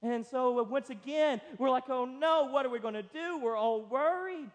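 Man, pastor, storytelling sermon, high-pitched, reverberant church hall. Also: normal speed. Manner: storytelling, acts out other voices.

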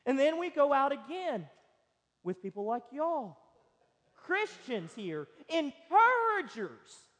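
A man's voice: extremely high pitch, very animated, takes it slowly, a bit bright. A young male pastor, preaching a sermon and telling stories. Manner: storytelling, acts out other voices. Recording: long hall reverb.

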